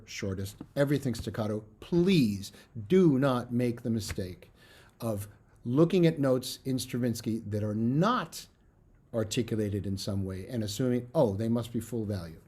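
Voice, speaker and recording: A middle-aged man giving a recorded music lecture as a bassoon professor, earnest and emphatic, with fillers. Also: dark tone, breathy edge.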